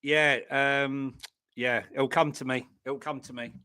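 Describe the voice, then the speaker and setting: A man's voice: medium pitch, fairly even intonation, measured pace, sharp tone. A man co-hosting a football podcast, making his points emphatically in casual conversation. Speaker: podcast co-host.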